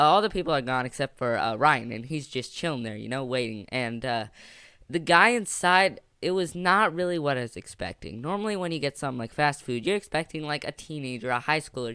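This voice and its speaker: A man's voice: mid-range voice, bright, forceful tone, clear, resonant tone, no room sound. A young man casually narrating a funny storytime, rambling and jokey with lots of filler words.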